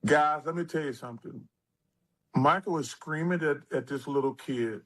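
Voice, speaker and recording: A man in his sixties, an interview guest, telling stories in a casual, animated way with lively asides. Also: fairly high pitch, normal speed. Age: 60s.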